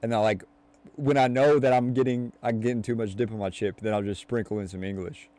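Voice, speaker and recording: A man's voice: medium pitch, fairly even intonation, brisk, mellow, no room sound. A young man hosting a podcast in casual chat, mashing his words together as he talks. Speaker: podcast host.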